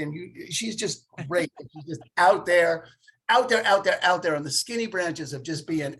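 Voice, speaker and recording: A man nearing sixty tells stories in a relaxed podcast chat, his fairly high voice husky and breathy at the edges. He gets animated, slipping into the voices of the people he quotes. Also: a little fast. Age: 50s. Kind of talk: casual conversation.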